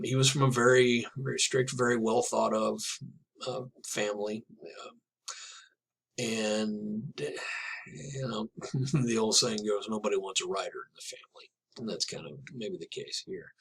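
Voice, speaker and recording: A man teaching a literature class in a chatty, digressive way, reading poems aloud slowly and telling jokes along the way. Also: medium pitch, gravelly, fairly bright tone, breathy edge, low-quality recording. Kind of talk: classroom lecture with poetry reading.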